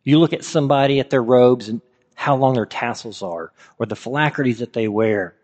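A man's voice: medium pitch, fairly quick, darkish tone. A man preaching a sermon in a conversational way, asking his listeners rhetorical questions. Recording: reverberant hall.

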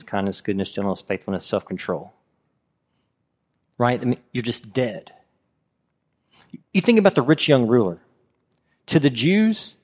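A man's voice: mid-range voice, darkish tone, dull audio. A man preaching a sermon in a conversational way, asking his listeners rhetorical questions. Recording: reverberant hall.

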